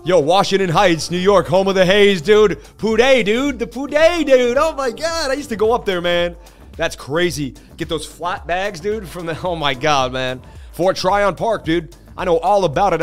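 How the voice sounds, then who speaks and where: Pria santai bercerita dengan musik pelan. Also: male voice, a little high. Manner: animated storyteller, slangy, says dude and man a lot. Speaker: crypto livestream host. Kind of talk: casual rambling livestream chat.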